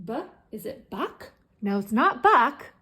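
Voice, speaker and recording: A woman teaching small children letter sounds in a slow, sing-song voice. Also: fairly high pitch, very animated, bright, forceful tone, slightly rough. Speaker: preschool teacher. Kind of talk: children's phonics lesson.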